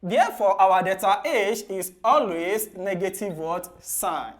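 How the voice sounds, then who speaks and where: A male chemistry tutor runs an exam-prep lesson at a slightly slow pace. Almost every phrase ends with "what?", which he then answers himself in a soft, low voice.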